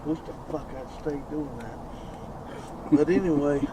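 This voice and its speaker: A man's voice: fairly high pitch, measured pace. A man, talking bluntly and profanely during a night outing in the woods. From southeastern United States. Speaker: landowner and coon hunter on a night investigation. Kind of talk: casual outdoor chat. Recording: noisy outdoor night recording.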